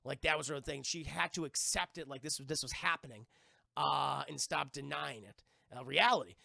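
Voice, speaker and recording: A man with a high, gravelly voice gives a live-streamed episode review, talking straight to his chat. He recaps the scenes with constant swearing and jumps into the characters' lines as he goes. His tone is bright and edgy, and the sound is close and dry. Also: normal speed, dry recording. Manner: animated, profane recap that acts out the characters' lines; addresses the stream chat directly.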